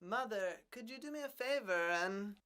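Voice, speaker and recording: A woman's voice: fairly high pitch, animated, normal speed, a bit bright. A woman voicing a kind, dutiful young village man in a cartoon, earnest and polite.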